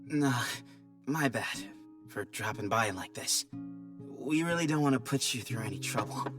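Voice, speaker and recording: An actor voicing a rough young man in an anime who breaks down sobbing for his mother. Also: mid-range voice, lively intonation, normal speed, over music, natural voice. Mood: gruff.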